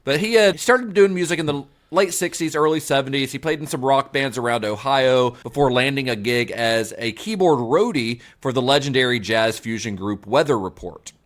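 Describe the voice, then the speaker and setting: A man's voice: mid-range voice, moderate pace, few pauses. A man co-hosting a casual film-history podcast, moving between prepared segments and loose chat, laughing often. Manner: lively, reads prepared segues, laughs often. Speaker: podcast co-host.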